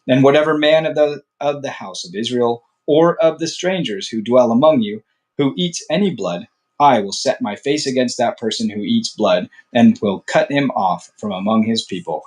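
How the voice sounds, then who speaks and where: A man reading scripture aloud in a steady, measured way, with occasional slips and restarts and brief casual asides. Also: medium pitch. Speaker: Bible reader.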